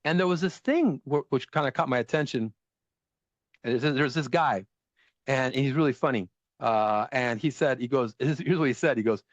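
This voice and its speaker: A man's voice: medium pitch, normal speed, no room sound. Rambling profane man on a dull dry mic. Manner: rambling, profane, animated impressions. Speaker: podcast host. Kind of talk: casual political chat.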